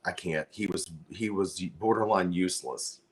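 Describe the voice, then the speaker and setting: A man's voice: low-pitched, normal speed. A man hosting a livestream, making an earnest, pleading charity appeal while fighting back tears. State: close to crying. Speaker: livestream host.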